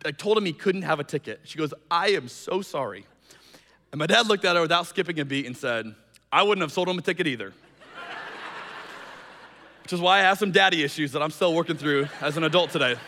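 A man's voice: sits high, bright, forceful tone. A man preaching a sermon, telling a personal story and acting out the quoted voices. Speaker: pastor. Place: church hall. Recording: long hall reverb.

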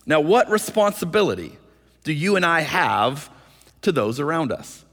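Male pastor, earnest sermon delivery, slightly raised pitch, restarts phrases often, long hall reverb. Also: sing-song, normal speed, creaky, fairly bright tone. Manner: earnest preaching, acts out voices in quotes, frequent restarts.

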